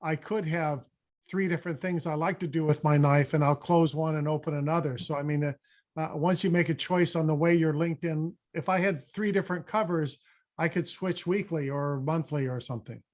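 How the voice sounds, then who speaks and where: A man's voice: a little high, steady tone, brisk, darkish tone. Older man chatting on a video call. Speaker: workshop attendee.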